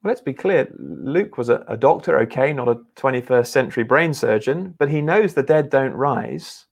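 A man's voice: mid-range voice, lively intonation, vocal fry, breathy edge. A man preaching a sermon in an earnest, conversational way, often restarting his words. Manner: earnest, halting with repeated restarts.

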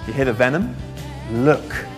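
A man preaching a sermon, telling a Bible story with lively asides and questions to the congregation. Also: a little high, measured pace, music in the background. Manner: animated storytelling, reads scripture aloud, asks the congregation questions. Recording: long reverb of a large hall.

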